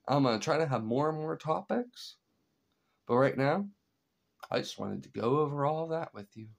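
Profane, exasperated vlogger with a lively voice. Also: creaky. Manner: swings from loud and heated to low and weary. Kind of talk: solo ranting commentary to camera.

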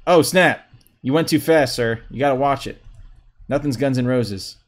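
A young man livestreaming a fighting game, commenting excitedly, trash-talking opponents and whooping at big hits, with keyboard clicks behind him. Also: medium pitch, moderate pace. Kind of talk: live gameplay commentary.

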